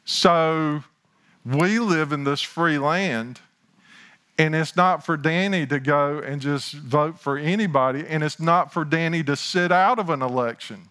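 A man preaching a sermon as pastor, building to slow, emphatic lines, with chatty asides and talk of himself in the third person. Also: fairly high pitch, pushed and bright, clean tone.

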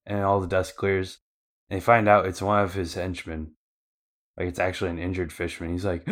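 A man with a deep, low voice recaps the story for a podcast. His delivery is casual and slangy, with loose fillers and asides. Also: flat delivery, fairly quick, a bit bright. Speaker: podcast co-host.

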